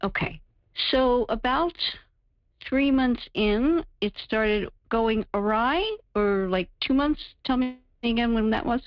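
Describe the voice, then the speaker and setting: A woman's voice: on the high side, takes it slowly, no echo. A woman hosting a relationship podcast, probing her guest with clarifying questions. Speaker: podcast host and relationship counselor. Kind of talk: interviewing a guest. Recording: dry, dull lo-fi audio.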